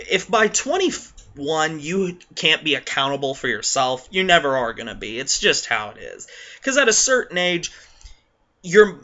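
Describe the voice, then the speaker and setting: A man's voice: a little high, bright, forceful tone, highs cut off. A man rambling through a casual video rant, with many restarts and fillers. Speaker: vlogger.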